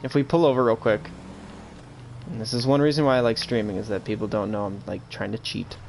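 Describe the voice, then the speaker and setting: A man's voice: on the low side, steady tone, fairly quick, vocal fry, a little mellow, slight background noise. A young man chatting casually and rambling while streaming a police role-play game, swearing freely and slipping into officer radio talk.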